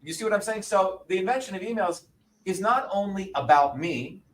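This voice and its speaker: A man in his sixties, a guest in an interview, talking in a combative, profane and emphatic way, often pausing to ask "okay?" or "you see?". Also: high-pitched, lively intonation, slight background noise. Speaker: interview guest, presidential candidate.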